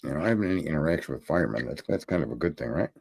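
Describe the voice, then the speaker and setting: A man hosting a podcast, telling long stories in casual chat. He swears freely and rambles, and his voice climbs high when he gets indignant. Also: expressive, racing, vocal fry, darkish tone, slightly rough. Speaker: podcast host.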